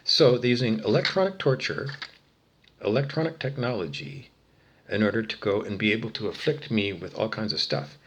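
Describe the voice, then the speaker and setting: A man ranting angrily and profanely to the camera, swinging between low muttering and loud outbursts. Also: normal speed, breathy edge. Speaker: vlogger. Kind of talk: angry solo rant to camera.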